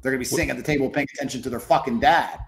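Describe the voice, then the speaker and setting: A man's voice: mid-range voice, steady tone, racing, gravelly. Blunt profane man, echoey room. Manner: blunt, profane, emphatic, repeats phrases. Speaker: podcast guest. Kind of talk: casual interview talk.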